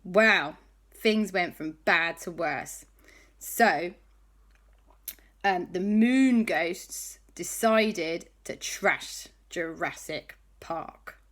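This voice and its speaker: A woman's voice: lowish voice, extremely slow, fairly bright tone. A woman telling an improvised children's story in a chatty, playful way.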